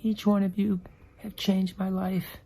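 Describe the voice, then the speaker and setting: A man hosting his vlog, speaking sincerely to his viewers and pausing often with fillers. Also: sits high, flat delivery, creaky, warm tone, faint music behind, rough recording. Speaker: vlogger host. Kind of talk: heartfelt farewell to viewers.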